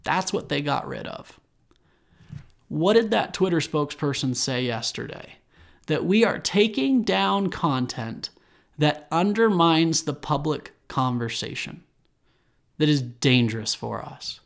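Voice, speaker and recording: A man's voice: a little high, unhurried, creaky. Earnest young man hosting a podcast. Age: young adult. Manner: earnest, animated, with fillers and restarts. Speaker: podcast host. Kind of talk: solo podcast commentary.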